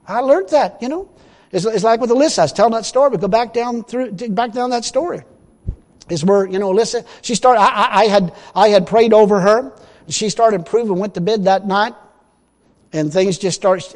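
A middle-aged man preaching a sermon in a folksy, emphatic way that rises to loud declarations. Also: high-pitched. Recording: long hall reverb.

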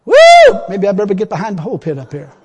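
A man preaching a sermon in a church, folksy and colloquial, swinging between loud exhortation and low confiding asides. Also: very fast, in a large hall, muffled recording, heavy background noise.

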